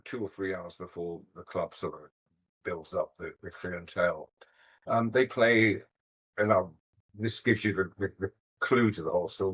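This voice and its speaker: This is an older man, a musician being interviewed, whose lowish voice has a fairly bright tone and a breathy edge. He tells stories casually, pausing thoughtfully and poking fun at himself. The recording sounds rough.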